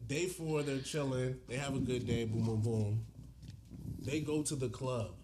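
A man's voice: mid-range voice, a little slow, noisy background. A man co-hosting a casual chat, telling a long story with speech and acting out the people in it. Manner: animated, acts out voices of people in the story. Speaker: podcast co-host telling a story.

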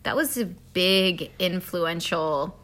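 A woman's voice: fairly low pitch, takes it slowly, a bit bright. An easygoing woman co-hosting a casual podcast chat. She speaks frankly and keeps many of her replies short. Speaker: podcast co-host.

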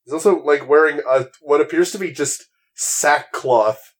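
A man's voice: fairly high pitch, normal speed. Wry man on a podcast. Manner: wry, describes pictures with playful comparisons. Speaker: podcast co-host. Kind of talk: casual chat.

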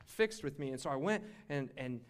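A man giving a sermon-style faith testimony, telling his story in an animated way with laughter and frequent restarts. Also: medium pitch, normal speed. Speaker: speaker sharing a faith testimony.

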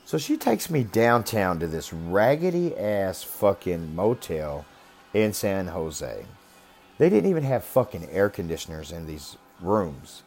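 Blunt, low-voiced man telling a story. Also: sing-song, unhurried, darkish tone. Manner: blunt, heavy swearing, rambling; talks about being raised rough. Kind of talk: casual personal storytelling.

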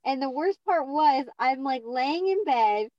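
A young woman telling a story in a casual chat, halting and full of fillers. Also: sits high, animated, darkish tone, no echo, muffled recording.

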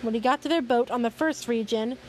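A woman's voice: on the high side, brisk, a little mellow, a little hiss or hum, rough recording. A young woman reading fan fiction aloud, stumbling and correcting herself, breaking off for sarcastic asides.

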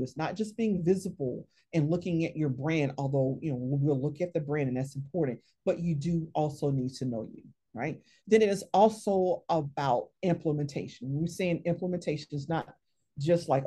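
Warm-voiced woman career coach. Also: deep voice, breathy edge. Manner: lively, emphatic, frequent tag questions. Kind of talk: conversational interview, storytelling.

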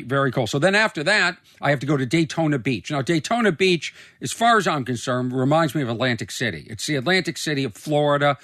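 A man's voice: medium pitch, fairly bright tone, dry recording, clean studio sound. A man hosting his own podcast as a comedian, rambling loosely, swearing freely and mocking himself. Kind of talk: casual rambling monologue. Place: recording studio.

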